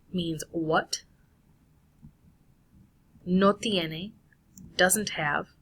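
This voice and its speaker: Woman, casual Spanish teacher talking through a lesson on screen; slow, slightly low voice. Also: bright, forceful tone, breathy edge. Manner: casual, talks through steps, self-correcting. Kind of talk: screen-recorded lesson walkthrough.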